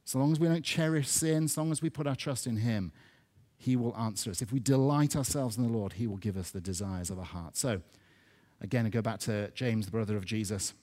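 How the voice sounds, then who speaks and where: A man preaching a sermon to his church, earnest, stumbling over and repeating words, swelling louder when he stresses a point. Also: lowish voice, fairly quick. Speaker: pastor.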